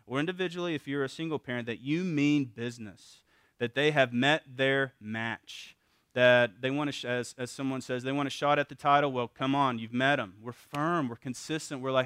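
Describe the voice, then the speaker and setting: A middle-aged man giving a casual, animated talk at a parenting seminar, often acting out what parents and kids say in a raised voice. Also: medium pitch, fairly quick, clear, resonant tone, no room sound, studio quality. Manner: animated, acts out parents' and kids' quotes in a raised voice; casual, with repeated words and restarts. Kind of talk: conversational teaching talk.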